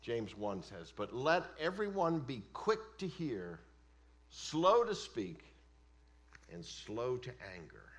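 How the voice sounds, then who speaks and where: A man preaching a sermon as pastor of a church, emphatic, swinging between loud declarations and hushed asides. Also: medium pitch, very animated, measured pace, hardly any pauses. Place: church sanctuary.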